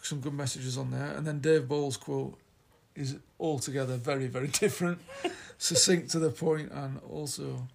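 Gravelly Yorkshire man chatting. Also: mid-range voice, steady tone, normal speed, hardly any pauses. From Yorkshire, England. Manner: chatty, rambling, teasing. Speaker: podcast co-host. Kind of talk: casual chat.

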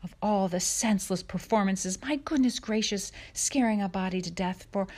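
A woman reading aloud, voicing a frightened, scolding pioneer mother in a high, pleading, tearful voice. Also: moderate pace, a little mellow, lightly acted. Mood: scolding sobbing. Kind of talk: audiobook reading.

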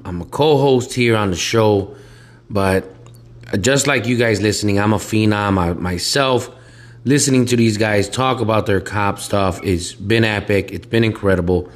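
A man co-hosting a podcast, chatty and eager, steering the talk between segments. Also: fairly low pitch. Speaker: podcast co-host.

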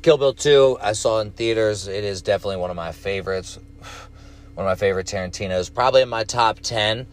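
Profane, rambling man with a lowish voice. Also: a little fast. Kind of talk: casual storytelling monologue.

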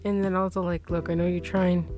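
A woman's voice: lowish voice, a little fast. A woman on a casual podcast, telling a story and acting out every line in it with lots of laughter. Faint music plays underneath her. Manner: animated, acts out quotes, laughs through story. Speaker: podcast co-host.

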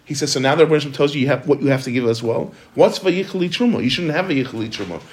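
Fast-talking man teaching a Torah class. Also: mid-range voice, expressive. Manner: rapid, repeats and restarts words, sprinkles Hebrew and Yiddish terms.

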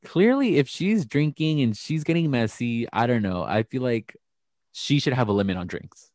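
A man's voice: medium pitch, animated, normal speed, a little mellow, no echo, clean studio sound. A young man hosting a casual recap chat, gossipy and chatty, full of fillers. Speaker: podcast host.

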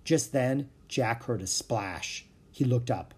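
A man narrating a children's adventure audiobook with lively storytelling. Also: medium pitch, slow, slightly rough.

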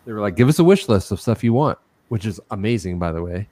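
A man co-hosting a podcast, telling a rambling, excited story in casual chat with some self-mockery. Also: lowish voice, fast, no room sound. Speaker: podcast co-host.

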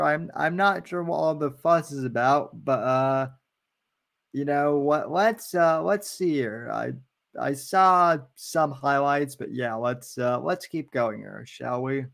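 A podcast host giving casual, sarcastic commentary on a clip, halting often with fillers. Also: male voice, fairly high pitch, vocal fry.

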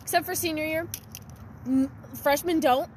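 A teenage girl with a high voice rants and swears her way through a casual podcast chat. Faint traffic noise hums behind her, recorded in a car in a parking lot. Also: moderate pace. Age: teens. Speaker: podcast co-host.

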